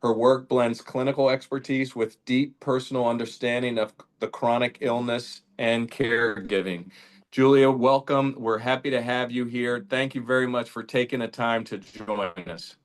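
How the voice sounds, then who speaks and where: A man's voice: medium pitch, steady tone, normal speed. A man hosting a foundation's speaker series, giving a hesitant, formal introduction with many fillers. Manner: hesitant, many fillers, reads a prepared bio.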